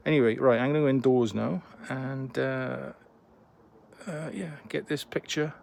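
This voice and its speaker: A man's voice: medium pitch, fairly even intonation, unhurried, creaky, a little mellow, a little hiss or hum. A man in his sixties chatting casually to camera as a vlogger, rambling and self-deprecating. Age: 60s.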